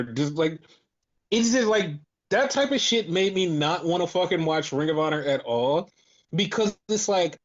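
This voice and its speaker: A man hosting a casual podcast, recounting events in an excited, expletive-filled rush. His voice sits a little high. The audio is slightly muffled and lo-fi. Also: normal speed. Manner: excited, profane storytelling. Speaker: podcast host.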